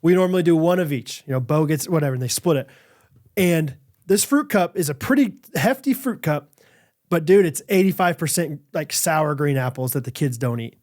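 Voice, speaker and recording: A man's voice: on the high side, lively intonation, moderate pace, a little mellow. A man co-hosting a podcast in casual chat, ranting in an emphatic, exasperated way. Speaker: podcast co-host.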